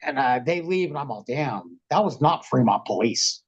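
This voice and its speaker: Middle-aged podcast guest, husky, animated and rambling, muffled recording. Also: male voice, medium pitch, brisk. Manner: animated, rambling, slangy, acts out quotes. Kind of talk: casual storytelling.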